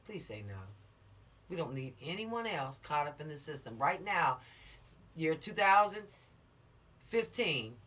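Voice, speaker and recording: Woman instructor, emphatic and showy, bright forceful voice, lively pitch swings, teaching teens. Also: a little slow, long pauses, distant mic. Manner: emphatic, lecturing and exhortative. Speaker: teen law-literacy instructor. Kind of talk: direct-to-camera lesson addressing teens.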